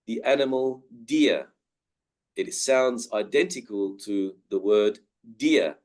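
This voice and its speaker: A young man gives a webinar lecture on pronunciation. His voice sits fairly low, and he speaks very slowly and deliberately, saying each example word out loud. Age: young adult. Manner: slow, deliberate, modelling each word aloud. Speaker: guest speaker teaching pronunciation.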